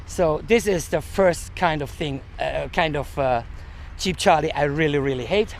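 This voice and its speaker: A man's voice: a little high, measured pace, creaky, slight background noise. A male vlogger sweating in the heat while he rants outdoors, swearing and stopping to hunt for words. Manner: heated and swearing, often searching for words. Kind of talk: casual ranting monologue.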